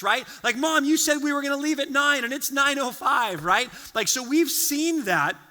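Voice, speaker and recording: Bright high-voiced pastor in a reverberant hall. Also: male voice. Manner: storytelling, animated, acts out quoted voices. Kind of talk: sermon. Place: church sanctuary.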